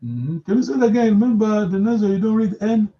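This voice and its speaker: A slightly high-voiced man leads a language class, patiently drilling his students and correcting their pronunciation. His voice comes through dull, lo-fi audio. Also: expressive, fast talker. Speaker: language teacher. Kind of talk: live language lesson.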